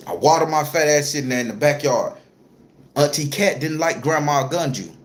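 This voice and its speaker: A man's voice: fairly high pitch, expressive, normal speed. A man telling a personal story to camera in a casual, profane way, repeating phrases for emphasis. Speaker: spiritual content creator.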